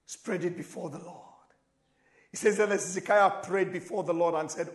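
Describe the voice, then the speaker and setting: A man preaching a sermon, moving from quiet asides to sudden shouted prayers and dramatic voicing of scripture. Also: sits high, steady tone, normal speed, reverberant. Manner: switches between loud exclamations and quiet, intimate asides. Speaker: pastor.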